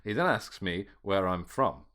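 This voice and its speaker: A man's voice: animated, unhurried, a bit bright. A British man co-hosting a podcast, reading a story aloud and laughing often. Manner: laughs often, swings into silly high put-on voices. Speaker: podcast co-host.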